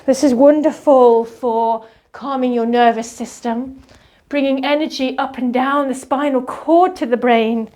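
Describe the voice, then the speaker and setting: A woman leading a qigong movement class, giving soft, slow guiding instructions. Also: high voice.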